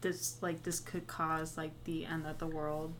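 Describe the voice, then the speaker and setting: A woman's voice: low voice, little pitch movement, unhurried, slight background noise. A woman casually discussing a movie with a friend, chatty, saying "like" a lot and laughing easily.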